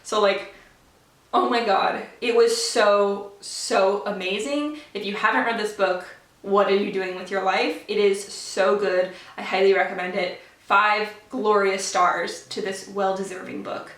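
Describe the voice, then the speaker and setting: A woman's voice: mid-range voice, fairly even intonation, unhurried, a bit bright. A young woman chatting casually and enthusiastically about books she read, with many ums and gushing praise. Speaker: book vlogger. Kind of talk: casual book wrap-up chat. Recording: echoey room, mic at a distance.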